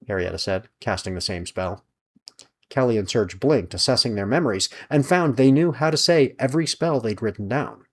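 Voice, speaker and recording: Author-narrator, low-pitched, very animated storytelling. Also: male voice, a little fast. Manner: lively, expressive reading. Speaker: author reading his serial novel.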